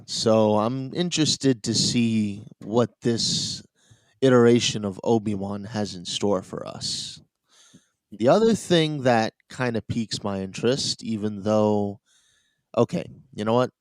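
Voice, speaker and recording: A man with a fairly low voice talks casually on a podcast, wandering through his thoughts and chuckling now and then. The sound is dry and close, with no room echo. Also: measured pace. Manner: rambling, laughs at own points. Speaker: podcast co-host. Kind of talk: casual chat.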